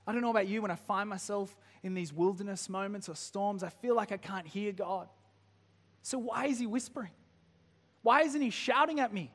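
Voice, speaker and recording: High-voiced preacher in a reverberant church. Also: male voice, normal speed. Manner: builds from hushed to impassioned pleading. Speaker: pastor. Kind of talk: sermon.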